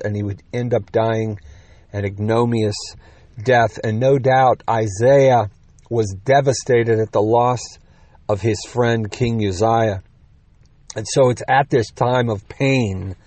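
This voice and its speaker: A man's voice: mid-range voice, a little mellow, dry recording. A man preaching a sermon in a conversational teaching manner, with rhetorical questions and quips, growing emphatic on key points.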